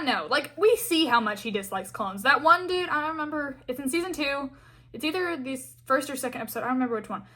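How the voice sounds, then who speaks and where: A woman's voice: high-pitched, bright, forceful tone. A young woman giving a casual, exasperated fan rant full of fillers and acted-out quotes. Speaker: fan commentator.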